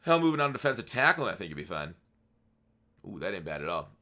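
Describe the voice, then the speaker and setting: Man, casual game commentary, bright voice, tired, rambling with restarts. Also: deep voice, sing-song, fast talker. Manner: rambling, with frequent restarts and asides. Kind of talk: casual commentary over gameplay.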